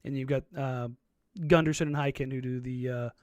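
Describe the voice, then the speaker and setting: A man's voice: mid-range voice, steady tone, clean tone, dry recording, clean studio sound. A man co-hosting a casual sports podcast, telling rambling stories and laughing easily. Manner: rambling storyteller, quick to laugh. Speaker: podcast co-host.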